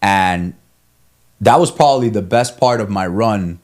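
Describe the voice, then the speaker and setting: A man's voice: fairly low pitch, a little slow, darkish tone. A man, a guest on a podcast, telling a long story in casual chat, swearing freely and laughing as he goes. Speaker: guest, ultramarathon runner.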